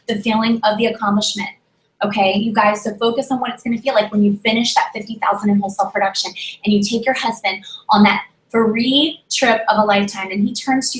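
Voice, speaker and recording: A woman leading a motivational sales team training, energetic and repetitive, often checking in with "okay?". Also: mid-range voice. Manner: energetic, pep-talk, repeats key phrases, many "okay?" checks. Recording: echoey room.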